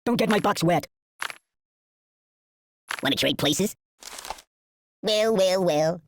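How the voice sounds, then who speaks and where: A woman's voice: on the low side, expressive, slow pace, a little hiss or hum. A woman voicing Buddy, a chatty male ragdoll toy in a mobile game, trading cheeky quips and squealing when hurt. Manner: cheeky quips, then squealing cries of pain. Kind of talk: game character voice lines.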